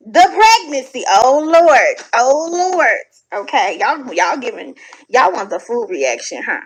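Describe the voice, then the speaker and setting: A woman giving casual reaction commentary from home at night, animated, sassy and blunt, swearing freely. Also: on the high side, slow pace, breathy edge, low-quality recording. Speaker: online commentator reacting to videos.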